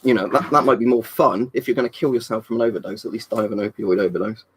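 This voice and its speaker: There's slight background noise as a young man with a lowish voice talks fast on his live stream. He rambles, swears plenty, and reads out and replies to viewer comments.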